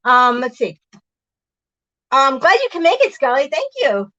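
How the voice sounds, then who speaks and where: A middle-aged woman chatting casually on a live stream, bubbly and warm with viewers, often laughing and greeting them by name. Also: sits high, sing-song, measured pace, dry recording, lo-fi sound. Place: small room in her truck.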